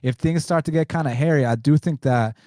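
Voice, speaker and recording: A man's voice: on the high side, brisk, warm tone, no room sound. A man co-hosting a betting show, laying out a fight pick in laid-back, slangy talk. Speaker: co-host, betting analyst. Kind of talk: casual betting analysis chat.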